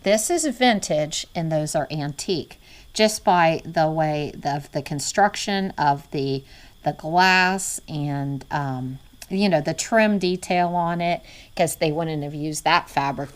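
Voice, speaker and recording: A middle-aged woman who resells vintage goods shows off her inventory in a casual vlog, chatting with viewers and often slipping into an excited, hushed near-whisper. Her voice sits low.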